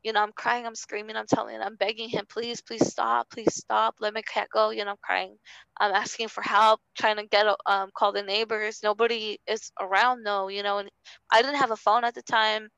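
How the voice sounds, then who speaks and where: A young woman telling her own story in an interview, halting and earnest, often circling back with fillers. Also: medium pitch, flat delivery, fairly bright tone, clear, resonant tone, dry recording, highs cut off. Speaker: interview guest. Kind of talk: personal testimony in conversation.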